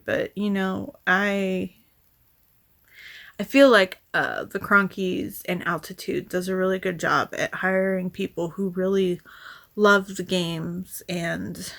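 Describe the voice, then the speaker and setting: A woman vlogger rambling casually, often sighing and restarting her sentences, speaking softly and sometimes trailing into a whisper. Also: fairly low pitch, gravelly. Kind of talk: casual rambling vlog chat.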